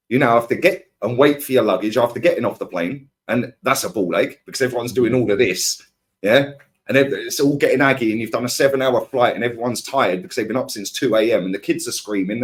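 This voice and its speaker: A man's voice: medium pitch, brisk, slightly rough. A man ranting in a heated football fan debate, firing rhetorical questions at his co-host. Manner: ranting, animated, rhetorical "yeah?" and "right?".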